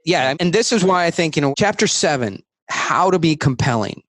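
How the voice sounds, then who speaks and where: Man, podcast guest, emphatic, punchy, somewhat high voice, dry close sound. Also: lively intonation, a bit bright, no room sound. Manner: emphatic, rapid-fire, role-plays sales talk. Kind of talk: podcast interview.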